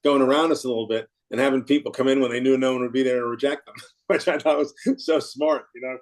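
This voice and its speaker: A middle-aged man from the United States, a podcast guest, tells a story in a casual interview, chuckling often and restarting his sentences. His medium-pitched voice holds a fairly even intonation, and he talks fast and warmly.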